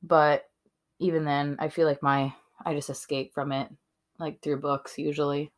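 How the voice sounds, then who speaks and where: Candid low-voiced woman. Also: flat delivery, moderate pace. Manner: candid and reflective, swears casually. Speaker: podcast co-host. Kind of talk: casual chat.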